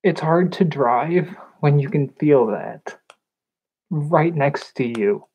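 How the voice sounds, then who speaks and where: A young woman telling a personal story in a vlog, hesitant and halting, with nervous laughs. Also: low-pitched, breathy edge. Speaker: vlogger. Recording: slightly dull lo-fi recording.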